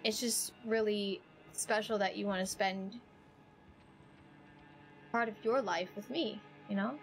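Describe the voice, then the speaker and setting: A woman live-streaming a video game, chatting with her viewers, rambling and emotional, then excitable during play. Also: medium pitch, a little slow, faint music behind. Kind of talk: live gameplay stream chat. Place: home streaming setup.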